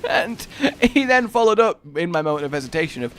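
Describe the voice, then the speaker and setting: Animated young man telling stories. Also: high-pitched, a little fast, smooth. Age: 20s. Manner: excitable anecdote-telling, bursts into loud exclamations. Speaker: gaming YouTuber. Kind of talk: gameplay commentary with storytelling.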